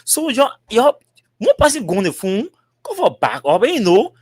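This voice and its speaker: Man, Liberian English accent, storytelling, lively pitch, fairly high voice, dry sound. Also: normal speed, slightly rough, no echo. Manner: animated, acts out dialogue with repetitions. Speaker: talk show host. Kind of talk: storytelling monologue.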